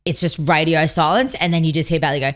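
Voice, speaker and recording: A woman in her thirties, a podcast guest telling parenting stories in casual, chatty conversation. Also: low voice. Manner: chatty, quick storytelling with lively acted quotes. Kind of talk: casual chat.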